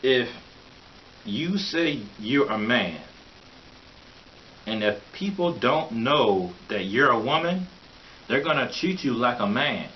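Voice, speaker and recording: A man rambles through an opinionated monologue in a mid-pitched voice, breaking into mocking laughs. The recording is dull and lo-fi, with a faint hiss underneath. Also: lively intonation, slow pace, long pauses. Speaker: vlogger.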